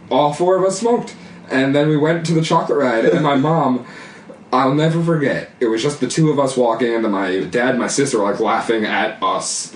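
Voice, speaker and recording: A man telling a casual story among friends, rambling with lots of fillers and laughing as he goes. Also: mid-range voice. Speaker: podcast co-host. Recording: roomy and distant mic with faint noise.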